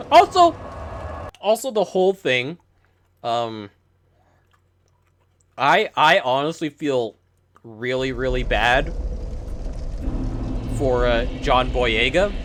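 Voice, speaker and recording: A young adult streamer ranting casually while playing a video game, swearing freely and breaking into loud bursts of laughter. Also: mid-range voice, very animated, extremely slow, pauses often. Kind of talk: casual rant while gaming.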